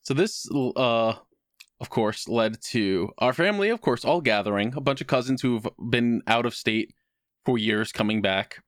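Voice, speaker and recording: A man telling a story on a podcast in a casual, wry way, slipping into little voices for other people. His pitch sits in the middle range. The sound is dry and close, with no room echo. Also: animated, a little slow. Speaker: podcast co-host. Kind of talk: casual chat.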